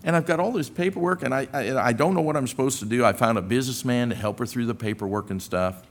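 A man's voice: mid-range voice, quick pace. A man preaching a sermon as a storyteller, acting out the dialogue as he tells his story. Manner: animated storyteller who acts out dialogue.

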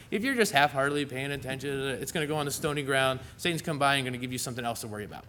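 A man's voice: medium pitch, rapid-fire, few pauses, bright, forceful tone, slight background noise. A middle-aged man preaching a sermon in a church in a folksy, conversational way, with asides to the congregation.

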